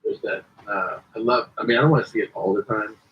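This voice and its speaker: A man's voice: lowish voice, animated, fast talker, dull audio, a little hiss or hum. A man hosting a casual podcast chat, easygoing, often giving short agreeing replies.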